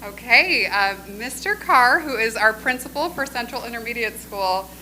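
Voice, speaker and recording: A woman's voice: fairly high pitch, expressive, moderate pace, slight background noise, poor audio. A woman filling in for the principal at a school board meeting, joking a little and reading teachers' notes about a student. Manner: chatty and joking, drops quieter while reading. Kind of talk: reading award tributes at a meeting.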